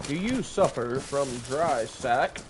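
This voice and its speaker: A man's voice: medium pitch, animated, slow, noisy background, voice pushed down. A man hamming up a cheesy infomercial announcer. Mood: salesy. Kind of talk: mock advertisement.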